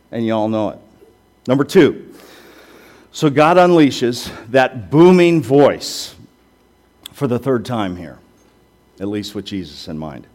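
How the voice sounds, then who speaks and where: A man's voice: medium pitch, darkish tone. A male pastor preaching a sermon in a conversational way, with rhetorical questions and self-deprecating asides.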